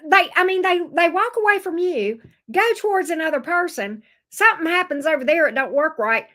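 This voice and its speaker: A woman's voice: high-pitched, sing-song, a little fast, a bit bright. A woman giving a casual tarot reading, blunt and sassy, swearing freely. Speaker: tarot reader.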